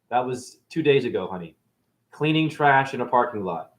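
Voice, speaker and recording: Man ranting, lively swooping pitch. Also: normal speed. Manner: preachy, boastful, sudden loud outbursts. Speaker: self-styled spiritual teacher. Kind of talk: ranting monologue to camera.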